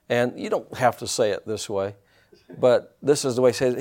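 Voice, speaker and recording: An older man preaching a sermon, animated and calling out to his congregation. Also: mid-range voice, moderate pace. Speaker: pastor.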